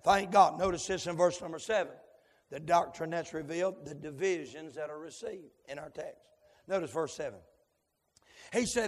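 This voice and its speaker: A male preacher delivering a fiery sermon in rhythmic cadences, dotted with amens and sudden shouted whoops. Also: fairly high pitch, moderate pace. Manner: rhythmic cadences punctuated with amen. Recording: long hall reverb.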